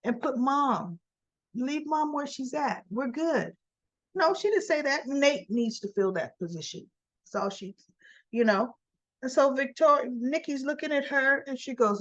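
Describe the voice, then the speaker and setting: A woman with a fairly high voice recaps soap opera episodes at an unhurried pace, acting out the characters' lines as she goes. Her asides are opinionated and chatty. The recording sounds dull and lo-fi. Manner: animated storyteller, quotes characters in dialogue, opinionated asides. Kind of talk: casual recap retelling scenes.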